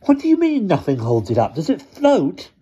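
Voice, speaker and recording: A scornful teenage boy who leads a gang, his voice pitched high and quick with questions, as a man reading a story puts him on. The sound is dull and lo-fi. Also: huge pitch swings, warm tone, husky, heavily acted.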